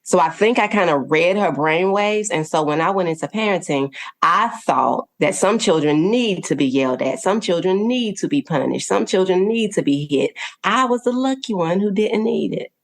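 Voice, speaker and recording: Low-voiced woman telling her story. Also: lively intonation, moderate pace. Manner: earnest, laughs often, checks in with "okay?" and "right?". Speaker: podcast guest, parenting coach. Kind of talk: conversational storytelling.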